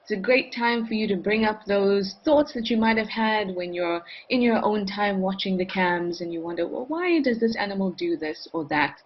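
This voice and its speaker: A woman's voice: mid-range voice, normal speed, few pauses, breathy edge, lo-fi sound. A woman hosting a live wildlife cam show, chatting enthusiastically and reading out viewer comments.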